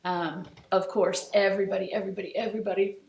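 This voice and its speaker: A woman teaching a recorded lesson over slides, relaxed and chatty, with many fillers. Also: medium pitch, fast, gravelly. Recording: echoey room.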